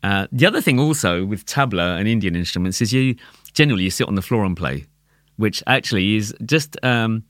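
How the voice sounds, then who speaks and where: A man with a London accent, a tabla player appearing as a guest, talks casually in an animated way, laughing readily and repeating words mid-thought. The studio-quality recording has no echo and captures his lowish voice.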